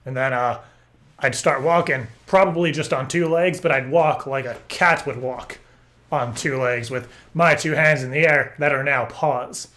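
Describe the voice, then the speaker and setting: A man making a prank phone call, rambling and stammering through deadpan absurd stories. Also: medium pitch, a little slow. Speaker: prank caller.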